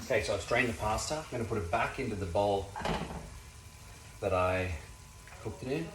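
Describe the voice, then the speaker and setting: A man's voice: on the low side, moderate pace, background noise. A man hosting a cooking demonstration in his kitchen, talking in a playful, chatty way with jokey asides. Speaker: cooking show host. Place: home kitchen. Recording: echoey kitchen with clattering pans.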